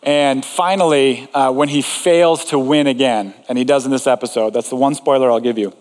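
A man's voice: mid-range voice, fairly even intonation, moderate pace, darkish tone. A man preaching a sermon to a room, in a conversational way with frequent asides. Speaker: pastor. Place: large room before an audience. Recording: long reverb in a large hall.

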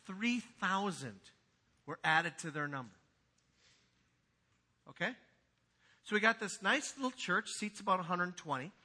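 A man preaching a sermon in a church, swinging from quiet asides to loud, emphatic passages. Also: high voice. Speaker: pastor. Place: church sanctuary.

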